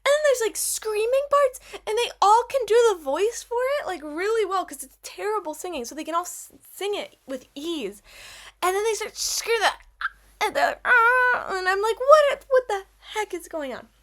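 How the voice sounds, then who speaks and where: A young woman ranting animatedly in a casual vlog from her dark bedroom, full of "like" fillers and exaggeration. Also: very high-pitched, expressive, moderate pace. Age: young adult. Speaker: vlogger. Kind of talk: casual rant to camera. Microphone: built-in camera mic.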